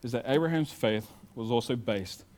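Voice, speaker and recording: Here a male preacher shares his sermon as a conversational tale, dipping into quiet asides between loud, emphatic moments. The voice is mid-range and the pace moderate.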